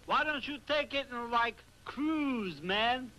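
A man's voice: extremely high pitch, lively intonation, takes it slowly, very noisy, exaggerated voice. An actor voicing a jive-talking beatnik male duck in a cartoon, laid-back and full of hip slang. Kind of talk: 1960s TV cartoon voice acting.

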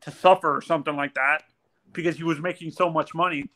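A man's voice: on the high side, fairly even intonation, quick pace, pushed and bright. A man in a casual podcast discussion, insistently explaining his point with frequent fillers. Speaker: panelist.

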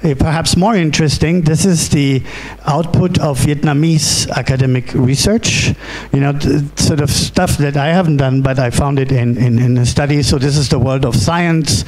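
In a conference hall, a middle-aged man with a German accent gives a keynote, speaking haltingly, restarting often and repeatedly asking "right?". His voice is a little high for a man and a touch mellow.

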